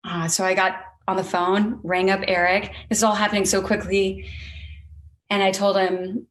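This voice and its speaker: A woman sharing a personal story before an audience in a relaxed, conversational way. She is earnest and openly emotional, laughing through tears at times. She fills her pauses with plenty of ums. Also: medium pitch.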